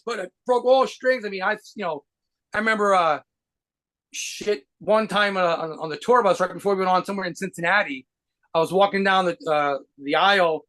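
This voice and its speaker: A man telling rapid, profanity-laced stories as a guitarist being interviewed. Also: high voice, bright, forceful tone. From United States. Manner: rapid profane anecdotes with laughs. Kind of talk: fast storytelling interview.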